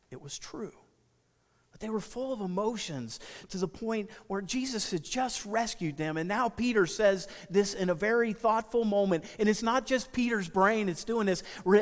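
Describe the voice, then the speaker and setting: A man preaching a sermon as pastor, earnest and emphatic, slowing down to stress key phrases. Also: high voice, long reverb tail.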